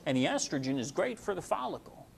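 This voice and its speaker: A man's voice: a little high, big pitch swings, fast, vocal fry, slight background noise. A man giving a casual medical lecture, folksy and full of fillers, explaining with homely analogies.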